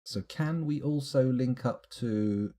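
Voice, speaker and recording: Offering live gameplay commentary, a man from the United Kingdom mutters his way through a strategy game's menus and sometimes responds to chat. His mid-range voice is warm, and his pace is slow.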